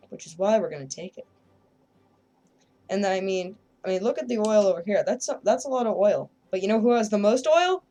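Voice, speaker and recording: A woman's voice: mid-range voice, expressive, fairly quick, mellow. A woman giving casual, rambling gameplay commentary, joking and self-deprecating as she plays. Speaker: gameplay video creator.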